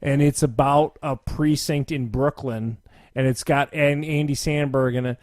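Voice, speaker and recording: A man's voice: medium pitch, steady tone, unhurried, a little mellow, no room sound, clean studio sound. A man co-hosting a casual podcast chat, chatty and full of questions. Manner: chatty, asks lots of questions. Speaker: podcast co-host.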